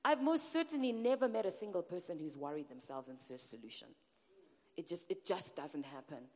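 A woman preaching a sermon to her church, lively and animated, calling out to the congregation. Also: lowish voice, fairly quick. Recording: reverberant church hall.

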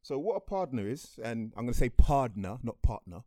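A man's voice: medium pitch, sing-song, fast talker, warm tone, dry recording. A young man co-hosting a podcast, talking through a topic in a loose, conversational way. He explains at length and laughs easily. The recording is close and dry, with no room sound. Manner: chatty and explanatory, laughs often. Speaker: podcast co-host. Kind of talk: casual chat.

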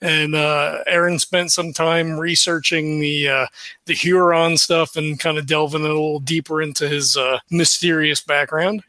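A man's voice: a little high, level tone, a little slow, sharp tone, no room sound. A man casually recapping the last session of a tabletop game for a podcast, loose and full of fillers. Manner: loose, filler-heavy, laughs easily.

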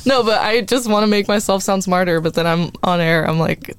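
A woman's voice: mid-range voice, fairly even intonation, fairly quick, few pauses, clear, resonant tone, no room sound. Young female radio host, loose self-mocking banter, dry close mic. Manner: laughs often, self-mocking. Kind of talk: casual chat.

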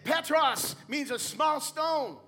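A man preaching a sermon, swinging between quiet asides and shouted emphasis, with playful jokes and wordplay for the congregation. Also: very high voice, slow pace, faint music behind.

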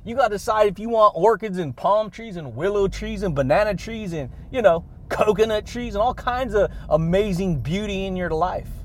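A man hosting a motivational podcast, talking in an exuberant way, laughing between phrases and leaning on drawn-out catchphrases. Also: sits high, slight background noise. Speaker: podcast host.

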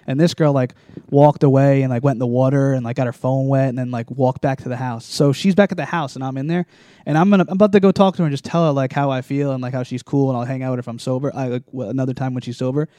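A man's voice: mid-range voice, fairly even intonation, quick pace, dark tone, no room sound. A young man telling a long story in casual chat, rambling with many likes and restarts.

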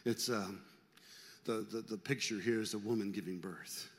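Older pastor preaching in a reverberant hall. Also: male voice, lowish voice, fairly even intonation, moderate pace. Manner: conversational preaching, swinging from loud to hushed; folksy, joking asides. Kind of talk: sermon. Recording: long reverb of a large hall.

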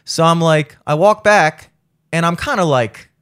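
A man's voice: measured pace, clear, resonant tone. A man telling a long story in casual chat, swearing often and acting out what others said. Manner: animated, profane, acts out quotes in a high voice.

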